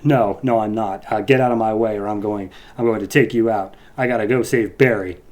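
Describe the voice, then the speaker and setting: A man's voice: on the low side, steady tone, fairly quick, a little mellow, lightly acted. A man voicing a desperate, loyal young man who talks in an earnest, pleading way. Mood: defiant.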